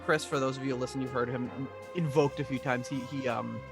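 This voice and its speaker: A man's voice: mid-range voice, steady tone, quick pace, vocal fry, music in the background. A man co-hosting a podcast in easygoing chat, rambling with many restarts. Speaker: podcast co-host.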